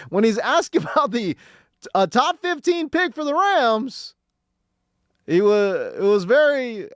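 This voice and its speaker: Lively male sports radio host, animated pitch, dry close studio mic. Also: slow, long pauses, no echo. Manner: excitable, laughs often, swings from loud to low.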